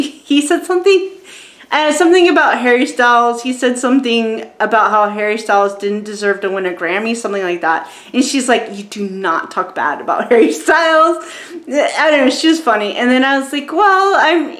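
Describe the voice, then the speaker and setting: A woman's voice: on the high side, fairly bright tone. A woman in her forties telling a story in a casual, rambling way, with many fillers and restarts. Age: 40s. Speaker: vlogger reviewing a show. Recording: roomy echo.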